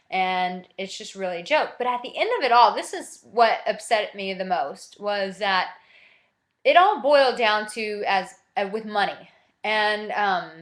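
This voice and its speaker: A woman's voice: mid-range voice, fairly bright tone. Candid, emphatic woman sharing her views. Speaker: host. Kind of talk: personal monologue.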